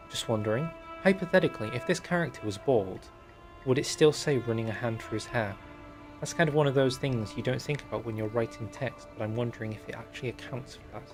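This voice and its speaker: A man streaming a strategy game, chatting casually and joking while reading the event text aloud. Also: medium pitch. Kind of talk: casual gameplay commentary.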